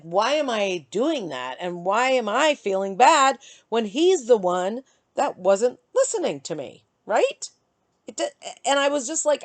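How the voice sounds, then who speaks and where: A middle-aged woman vlogging, chatty and animated as she tells and vents about her day. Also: fairly high pitch, no echo. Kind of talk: casual storytelling to camera.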